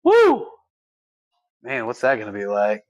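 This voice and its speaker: A man's voice: mid-range voice, normal speed, fairly bright tone, dry recording, poor audio. A man co-hosting a livestream, chatting casually and folksily as he reads viewer comments. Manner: laid-back, folksy, laughs easily. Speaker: livestream co-host.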